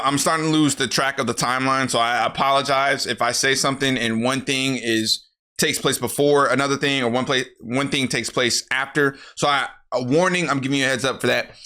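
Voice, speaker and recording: Bright-voiced man rambling through a recap. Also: mid-range voice. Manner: rambling, profane, self-correcting. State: tired after work. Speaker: vlogger recapping a movie. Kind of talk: casual storytelling recap.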